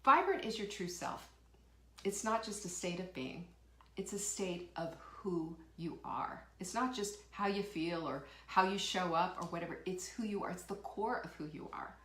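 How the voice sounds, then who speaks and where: A woman's voice: lowish voice, moderate pace, a bit bright, reverberant. A woman hosting a live motivational talk show, fired up and emphatic, firing rhetorical questions and reading out viewer comments. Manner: reads out viewer comments and laughs. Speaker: host.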